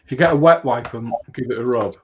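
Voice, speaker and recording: A man's voice: mid-range voice, fast talker, slight background noise. A man co-hosting a livestream, teasing his friend and reading out viewers' chat messages. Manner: reads chat messages aloud, teasing, laughs easily. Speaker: co-host reading out live chat. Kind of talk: casual chat. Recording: dull lo-fi stream audio.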